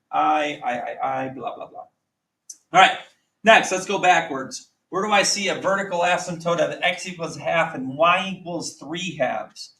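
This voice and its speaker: A man teaching a math lesson to a class, quizzing students with quick repeated questions. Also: fairly high pitch, fairly bright tone, slight background noise. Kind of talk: classroom lecture. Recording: echoey classroom, mic at a distance.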